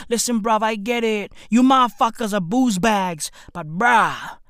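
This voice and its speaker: A woman's voice: a little high, unhurried, few pauses, clean tone, dry recording, studio quality. A woman with a South African accent, ranting in profane comic commentary and swearing heavily. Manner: rants loudly with heavy swearing and slang. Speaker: comedic commentator.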